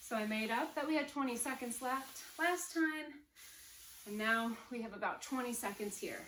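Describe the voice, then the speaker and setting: A woman's voice: fairly high pitch, a bit bright. A woman fitness instructor coaching a home workout while exercising, upbeat, counting down reps and cueing form, a little out of breath. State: slightly out of breath. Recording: echoey room, distant mic, faint noise.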